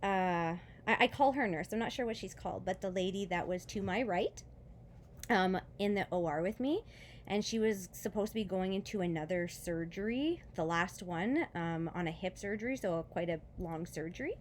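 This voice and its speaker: A woman speaks in a casual vlog, telling a personal faith story. She is tearful and rambling, with fillers and restarts, and laughs softly between words. Her voice sits at an ordinary middle pitch, with a faint hum of room ambience behind her. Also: normal speed. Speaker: vlogger.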